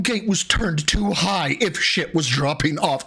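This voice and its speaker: A man's voice: a little high, a little slow, gravelly, bright, forceful tone, breathy edge. A man streaming, reacting to a clip with sarcastic, exasperated commentary and a lot of swearing.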